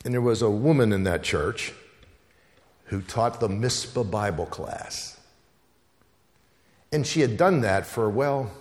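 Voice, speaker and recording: A man's voice: on the low side, in a large hall. A man preaching a sermon, telling stories and hammering home repeated phrases. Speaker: pastor.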